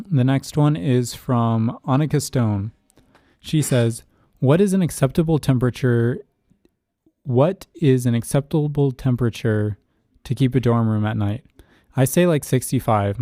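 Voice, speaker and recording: A young man with a mellow, dark-toned voice, talking on a podcast in a measured, even-handed way. He teases dryly. The sound is dry and close to the mic. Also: medium pitch, no room sound. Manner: measured, mediating, dryly teasing. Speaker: podcast co-host. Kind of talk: casual podcast chat.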